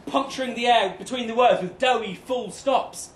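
A young man with a high voice reads a comic story in the first person, dry and wry, breaking into mock-heroic bursts. The sound is echoey, caught live in a pub room with a faint hum of noise behind. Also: moderate pace. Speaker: reader at a live fiction night.

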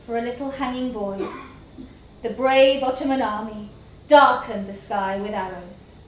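A woman reading a literary story aloud in a slow, measured storytelling manner. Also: on the high side. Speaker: narrator. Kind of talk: scripted narration of a literary story. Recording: echoey room with faint ambience.

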